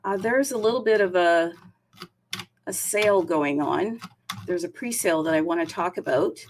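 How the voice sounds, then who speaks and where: A woman's voice: on the low side, a little hiss or hum. Chatty woman hosting a livestream. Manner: chatty, upbeat, greets viewers city by city; frequent fillers, self-aware about talking fast. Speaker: livestream host. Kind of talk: casual crypto livestream chat.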